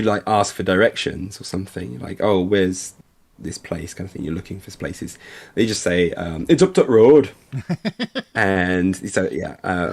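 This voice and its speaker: Brief: man, low gravelly voice, rambling self-deprecating stream chat. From Essex, England. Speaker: livestream co-host. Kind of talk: casual chat while painting.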